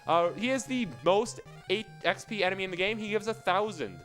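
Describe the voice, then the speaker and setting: Man, high voice, joking speedrun commentary, rambling, faint background music. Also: fairly quick, fairly bright tone, rough recording. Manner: joking, rambling explanations with laughs. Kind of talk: live commentary while playing.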